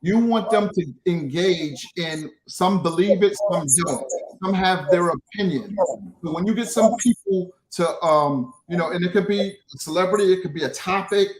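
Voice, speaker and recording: Man with a high voice explaining in an interview, restarts often, sounds recorded in an echoey room. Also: moderate pace. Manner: explanatory, frequent restarts and "right?" tags. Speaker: guest, social media creator. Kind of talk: interview answers. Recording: roomy echo.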